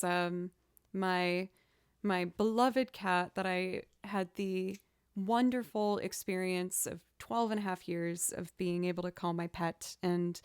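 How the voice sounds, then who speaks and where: A woman hosting a casual livestream chat, answering viewer questions as a chatty, expressive storyteller. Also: mid-range voice, clean tone, no room sound, clean studio sound. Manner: chatty, expressive storyteller who acts out quoted reactions.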